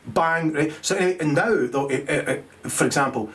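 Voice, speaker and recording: A middle-aged stand-up comedian with a higher-than-average, fairly bright voice talks at an ordinary speed. The set rambles and turns crude, full of swearing and clumsy restarts, and he laughs along with his own jokes.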